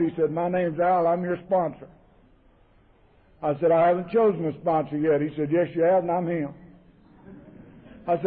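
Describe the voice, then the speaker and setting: Southern man, AA speaker, folksy storyteller, high voice, tinny cassette tape. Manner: folksy, emotional, acts out dialogue in his story. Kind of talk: recovery talk with storytelling. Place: meeting hall.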